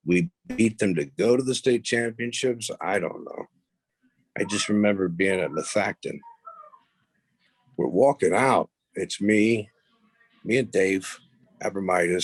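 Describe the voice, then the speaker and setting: A man's voice: low-pitched, no room sound. A man in his thirties, a podcast guest, telling a story casually with lots of swearing and rambling asides. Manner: profane, rambling, animated retelling.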